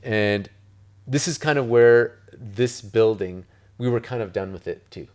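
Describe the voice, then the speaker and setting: This Italian man, a guest in a casual interview, wanders through the topic of real estate, leaning heavily on filler words. He speaks in a lowish voice and takes his time.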